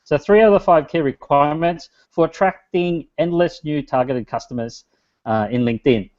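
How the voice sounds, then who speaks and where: A man's voice: a little high, moderate pace, a little mellow. A man, giving a loose, chatty webinar talk as a guest speaker and speaking to an online chat. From Australia. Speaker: guest speaker, business strategist. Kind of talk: webinar presentation. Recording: dull lo-fi webinar audio.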